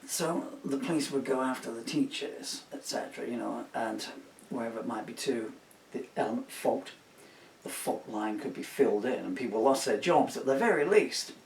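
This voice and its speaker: A gravelly man in his sixties rambles between songs, drifting off on tangents and getting worked up with indignation. He sits back from the mic in a roomy space, so his voice comes across distant and echoey. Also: medium pitch, expressive, moderate pace, a little hiss or hum. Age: 60s. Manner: rambling, indignant, with many asides and fillers. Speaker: singer-songwriter. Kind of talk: casual spoken talk between songs. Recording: roomy, distant home recording.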